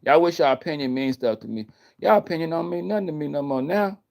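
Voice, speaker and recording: A man's voice: on the high side, fast, gravelly, a little mellow. A man vlogging in a heated, casual rant, emphatic and profane, repeating himself.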